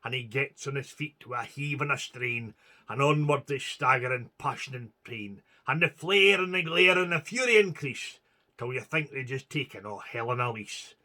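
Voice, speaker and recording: A man's voice: mid-range voice, expressive, moderate pace, pushed and bright. A man reciting a narrative poem in a rhythmic, theatrical way. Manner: rhythmic, theatrical verse reading. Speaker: poetry reciter. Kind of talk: dramatic poetry recitation.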